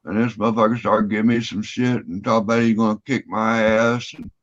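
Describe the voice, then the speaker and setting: A man's voice: on the low side, flat delivery, brisk. A man telling a long story in casual chat, rambling and swearing freely. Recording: dull lo-fi audio.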